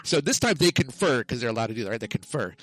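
A man's voice: mid-range voice, very animated, fast, a bit bright, rough recording. A man co-hosting a casual comedy podcast, telling a long story that he keeps correcting mid-way and laughs at himself. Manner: rambling, self-correcting, loses the thread and laughs at himself. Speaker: podcast co-host.

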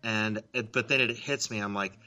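A man's voice: on the low side, steady tone, normal speed, sharp tone. A man co-hosting a podcast in casual chat, rambling, poking fun at himself and swearing freely. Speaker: podcast co-host.

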